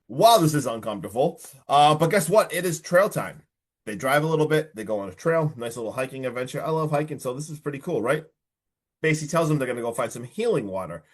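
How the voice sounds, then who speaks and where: A man hosting a podcast tells a horror film back in loose, animated storytelling. His pitch sits mid-range, and he packs in plenty of likes and you-knows as he goes. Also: quick pace. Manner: animated storytelling, heavy filler words. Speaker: podcast host. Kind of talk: casual movie recap.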